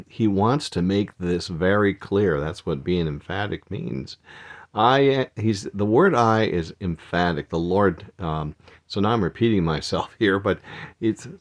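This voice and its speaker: A middle-aged man from Minnesota hosting a devotional podcast, talking casually with frequent restarts and small laughs. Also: lowish voice. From Minnesota, USA. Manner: rambling, with restarts and soft laughs. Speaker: podcast host.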